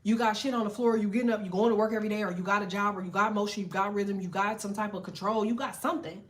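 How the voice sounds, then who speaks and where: A woman tarot reader ranting to camera in a blunt, profane, animated way while telling a story. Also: mid-range voice, racing. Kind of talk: casual tarot rant to camera.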